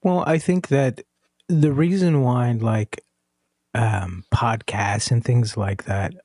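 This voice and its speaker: A man speaking as a podcast guest, reflective and earnest, with many fillers and pauses. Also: mid-range voice, darkish tone, no room sound, clean studio sound. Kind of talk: casual conversational podcast chat.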